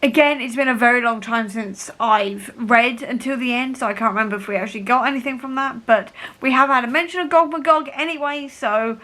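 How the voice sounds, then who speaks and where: Excitable high-voiced woman vlogger. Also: a little fast, few pauses. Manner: excitable, rambling, many fillers. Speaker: book vlogger. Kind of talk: casual reading vlog. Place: at home. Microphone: camera mic.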